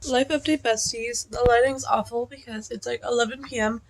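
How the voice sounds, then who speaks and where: A woman's voice: a little high, fairly even intonation, a little fast, background noise. Chatty young woman vlogging about books. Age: young adult. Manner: chatty, rambling, heavy on "like" fillers. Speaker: book vlogger. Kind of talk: casual reading vlog.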